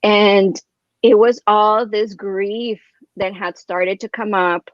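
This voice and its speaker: As a guest in casual chat, a woman tells a personal story in a rambling, animated way, filling her speech with "like" and "right?". Her voice is medium-pitched and slow, and the dry recording has its highs cut off.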